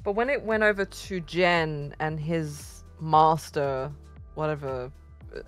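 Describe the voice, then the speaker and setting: A woman with a low voice chatting slowly on a movie podcast, stretching her words out. She bursts into loud exclamations when excited, with faint music in the background. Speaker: podcast co-host. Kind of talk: casual movie podcast chat.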